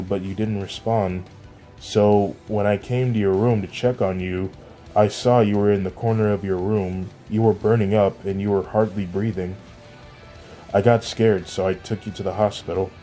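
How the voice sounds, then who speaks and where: A man's voice: lowish voice, fairly even intonation, moderate pace, mellow, soft background music, lightly acted. A man putting on a fretting mother. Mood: worried. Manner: anxious, fussing. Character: worried, caring middle-aged mother.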